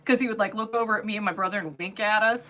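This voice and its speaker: Chatty woman host reviewing wigs, bright ringing voice, lots of um's. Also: medium pitch, racing. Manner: chatty and giggly, many fillers. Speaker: wig reviewer and shop owner hosting a livestream. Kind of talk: casual livestream product chat.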